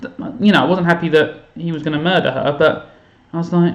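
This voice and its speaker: A man's voice: on the high side, a little fast, few pauses, roomy sound, lo-fi sound. A man chatting casually on a live stream while playing a game, self-mocking and thinking aloud to his viewers. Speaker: teacher streaming to students. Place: home room.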